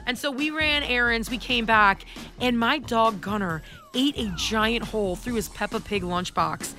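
Bright-voiced animated woman radio host. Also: fairly high pitch, moderate pace, soft background music. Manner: animated, acts out quotes. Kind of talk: casual storytelling chat. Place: radio studio.

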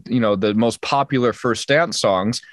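A man's voice: mid-range voice, normal speed, no echo. A young man from New Jersey, a singer-songwriter, chatting casually as an interview guest and often restarting his sentences. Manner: rambling, many restarts and stammered repeats.

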